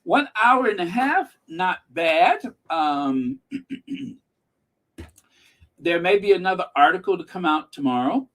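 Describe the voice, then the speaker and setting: A man talks to his viewers in a slow, drawn-out way, with a voice that sits a bit high for a man. His commentary is sarcastic and emphatic, and he keeps talking to his audience and reading from the chat. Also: expressive, a bit bright. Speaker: commentary channel host. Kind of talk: casual reaction commentary.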